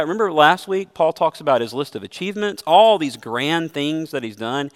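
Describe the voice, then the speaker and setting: Man, pastor, sermon, fairly high voice, emphatic, long hall reverb. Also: lively intonation, normal speed. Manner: earnest, emphatic preaching with storytelling.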